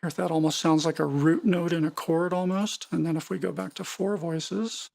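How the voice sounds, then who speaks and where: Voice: medium pitch, fairly even intonation, moderate pace, vocal fry, a little mellow. A music production tutor walking through synth settings in a casual, explanatory way, often repeating words and correcting themselves mid-sentence. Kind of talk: screen-recorded software tutorial.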